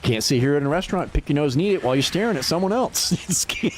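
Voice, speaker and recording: A man's voice: on the high side, racing, slight background noise. A man in his fifties chatting casually as a livestreamer, swearing freely and laughing often. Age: 50s. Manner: animated, profane, laughs often. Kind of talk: casual chat.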